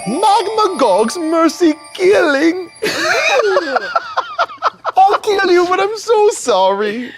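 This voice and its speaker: A man voicing a foppish, adorable fey enchanter in a high, prissy, gushing voice. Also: very animated, slow pace, long pauses, over music, full character voice. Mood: sweetly gleeful.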